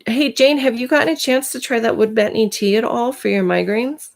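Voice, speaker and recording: A woman's voice: fairly high pitch, fairly quick, creaky. A woman hosting a casual live stream, chatting to viewers by name, full of filler words, and in pain today.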